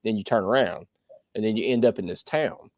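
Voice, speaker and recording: A man co-hosting a podcast in casual chat, animated and laughing, swearing freely. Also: lowish voice, a little fast, no echo, clean studio sound. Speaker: podcast co-host.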